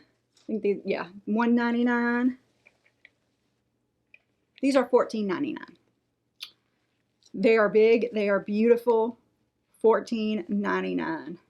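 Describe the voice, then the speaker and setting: A middle-aged woman, chatting excitedly as she unboxes craft items and reads out prices. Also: fairly high pitch. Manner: gushing, enthusiastic, reads out prices. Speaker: unboxing vlogger. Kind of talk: casual unboxing chat.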